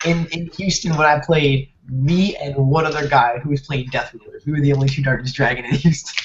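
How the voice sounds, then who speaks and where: A young man talking casually as a guest, excitable and quick to laugh. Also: medium pitch. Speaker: guest player. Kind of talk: casual chat. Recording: dull lo-fi with faint noise.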